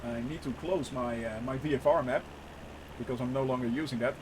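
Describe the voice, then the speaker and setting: A young man giving casual live commentary on a flight sim, chatty, laughing often and filling pauses with "uh". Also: medium pitch, steady tone, noisy background. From Netherlands.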